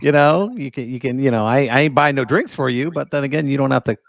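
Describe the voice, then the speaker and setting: A man's voice: mid-range voice, fast, creaky, no room sound. A man on a radio comedy show, wryly grumbling through casual banter. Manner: wry, grumbling complaints.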